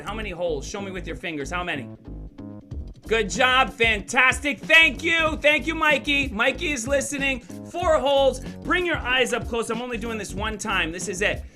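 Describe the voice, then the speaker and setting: A woman presenting a playful online show for children, coaxing them to join in and talking straight to them. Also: a little high. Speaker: kids' show presenter and magician. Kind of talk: lively online kids' workshop.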